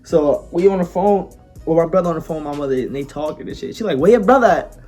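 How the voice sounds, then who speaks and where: A man's voice: on the high side, fast, darkish tone, faint music behind. A young man, a podcast co-host, telling a story in a laid-back, slangy way, often laughing as he talks. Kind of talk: casual storytelling chat.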